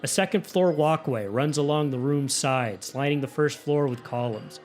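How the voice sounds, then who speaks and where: A man's voice: fairly high pitch, moderate pace, darkish tone, soft background music. A man narrating a tabletop game as its game master, describing scenes with some fillers.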